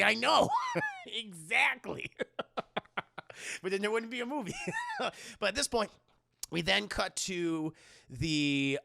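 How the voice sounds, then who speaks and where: Man, film recap, live chat, profane, laughing, gravelly, high voice. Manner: animated, profane, laughs often, talks to chat. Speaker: film reviewer streaming to chat. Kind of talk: casual scene-by-scene film recap.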